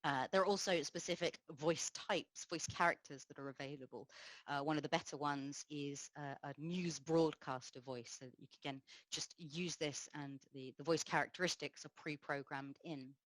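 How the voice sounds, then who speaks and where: Low-voiced woman giving a tech talk. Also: steady tone, no room sound, rough recording. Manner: explanatory, measured, frequent fillers. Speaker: conference speaker. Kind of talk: technical conference talk.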